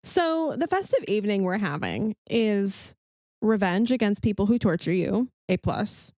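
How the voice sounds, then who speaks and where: A woman's voice: medium pitch, sing-song, measured pace, darkish tone, no room sound, clean studio sound. A woman co-hosting a podcast in casual chat, bubbly and enthusiastic, with lots of "um" and "like". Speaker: podcast co-host.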